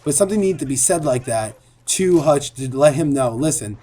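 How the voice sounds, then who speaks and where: A man's voice: fairly high pitch, animated, moderate pace, dark tone, slight background noise. A man giving a casual, earnest video commentary as a gaming commentator, rambling and repeating himself.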